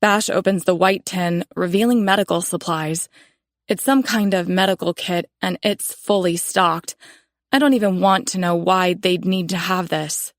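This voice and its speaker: Female romance audiobook narrator, calm and measured, dry close mic. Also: fairly low pitch, no echo.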